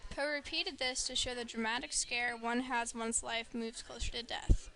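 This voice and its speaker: A woman and student presenter reading a prepared literary analysis aloud with steady delivery. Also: on the high side, moderate pace.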